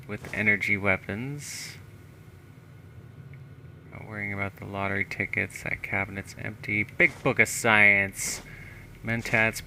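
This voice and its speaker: A man's voice: lowish voice, bright, forceful tone, a little hiss or hum. A man streaming a video game live, chatting casually and thinking aloud as he plays.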